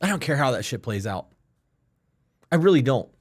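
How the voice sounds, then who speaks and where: A man's voice: medium pitch, big pitch swings, normal speed, breathy edge. A man co-hosting a podcast, chatting casually in a laid-back, teasing way and swearing freely. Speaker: podcast co-host. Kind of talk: casual chat.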